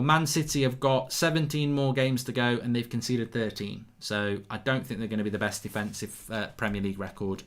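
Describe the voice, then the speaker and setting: A man's voice: medium pitch, fairly bright tone. A man hosting a live football watchalong, calling the action, cheering goals and reading viewer comments aloud in casual chat. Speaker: watchalong host.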